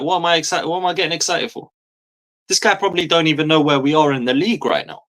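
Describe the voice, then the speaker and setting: A man in his thirties rants as a football fan streamer, swearing freely and repeating lines for emphasis. His voice sits at an ordinary middle pitch, and his tone stays exasperated and blunt throughout. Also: sharp tone. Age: 30s. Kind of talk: angry fan rant.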